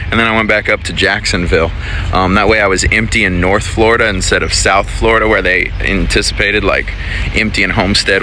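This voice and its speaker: Against a noisy background, a trucking vlogger with a fairly low voice walks his dog outdoors at a truck stop. His casual vlog talk rambles along in an easygoing way, full of self-corrections.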